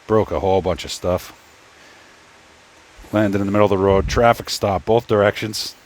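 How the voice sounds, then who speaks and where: A man's voice: lowish voice, steady tone, moderate pace. A man casually telling a story while tinkering with a 3D printer, rambling and stop-start, talking to himself as he works. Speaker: 3D printing YouTuber. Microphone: phone.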